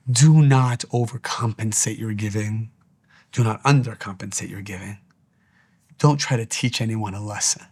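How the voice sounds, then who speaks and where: A man's voice: lowish voice, a little mellow, slightly rough. A man giving a spiritual teaching monologue, speaking earnestly and repeating his exhortations.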